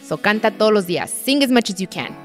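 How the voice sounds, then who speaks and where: A woman's voice: mid-range voice, big pitch swings, fast talker, fairly bright tone, soft background music. A woman, hosting a casual advice chat and switching between English and Spanish. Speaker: host answering listener questions.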